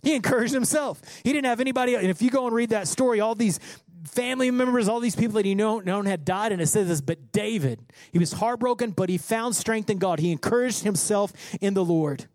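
A male pastor preaching a sermon with passion, climbing toward shouts as he quotes scripture. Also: sits high, brisk, dry recording. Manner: impassioned preaching, rising to near-shouts when quoting scripture.

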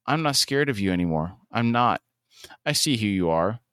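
A man's voice: on the low side, animated, moderate pace, a bit bright, clear, resonant tone, no echo, studio quality. A man voicing a defiant young superheroine while reading a scene.

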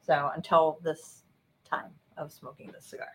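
A woman talking as a guest on her husband's show in a relaxed, easygoing and slightly hesitant way. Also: sits low, a little slow, low-quality recording. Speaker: guest, host's wife. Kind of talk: casual chat.

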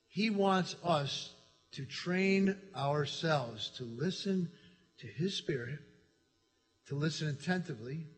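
A man preaching a sermon as pastor, telling stories in an animated way and acting out the voices he quotes. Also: fairly high pitch, breathy edge. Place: church sanctuary. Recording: church hall reverb.

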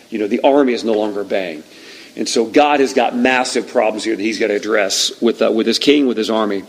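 A man's voice: fairly low pitch, fast talker, rough recording. Storytelling male preacher, conversational sermon. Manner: conversational, animated storytelling that acts out the scene. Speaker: pastor.

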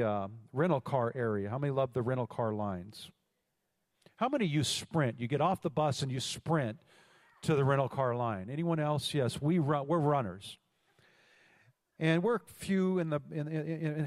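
A man preaching a sermon as pastor, telling a story and calling out to the congregation for responses. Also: fairly high pitch. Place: large church hall. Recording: long hall reverb.

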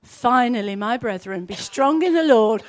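A woman's voice: fairly high pitch, animated, normal speed. A woman, preaching a sermon in an earnest, conversational way, often asking her listeners questions.

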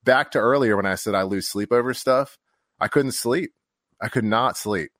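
A man's voice: mid-range voice, normal speed, a bit bright, no room sound, studio quality. A man, a fire officer and podcast guest, telling a candid story in casual conversation and acting out the quotes, with casual swearing.

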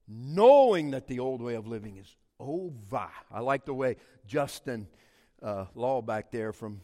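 A man preaching a sermon, swinging from hushed tones to shouting. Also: medium pitch. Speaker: pastor. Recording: long reverb of a large hall.

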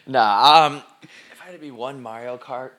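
A man's voice: mid-range voice, normal speed, a bit bright. A young man co-hosting a podcast, making goofy, mock-serious jokes in crude casual banter. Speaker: podcast co-host.

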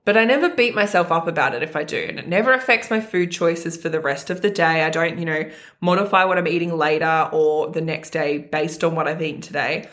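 A woman's voice: deep voice, a little fast, a bit bright. A young adult woman coaching on food and body image, talking earnestly and emotionally straight to her viewers in a personal monologue.

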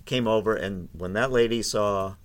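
Low-voiced man telling rambling stories. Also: normal speed. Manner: rambling, animated anecdotes with restarts. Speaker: podcast host and tour guide. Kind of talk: casual storytelling.

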